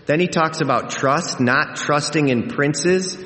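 Man, pastor preaching a sermon, slow deliberate pace, earnest and emphatic, echoey church hall with long reverb. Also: on the high side, fairly bright tone.

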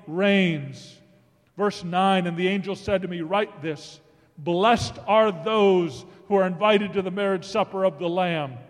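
A man preaching a sermon, reading scripture dramatically and swinging from hushed tones to booming declarations. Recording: long hall reverb.

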